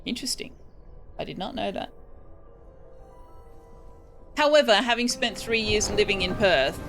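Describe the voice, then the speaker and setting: Unhurried yet animated, this Australian streamer has a mid-range, fairly bright voice. She chats casually with viewers during gameplay, thinking out loud and laughing easily, while faint music plays underneath.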